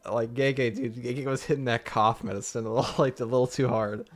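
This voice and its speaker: Gravelly young man, swearing in disbelief. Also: mid-range voice, fairly even intonation, soft background music. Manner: incredulous, laughs often, swears a lot; slangy, halting restarts. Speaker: streamer. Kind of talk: casual reaction stream.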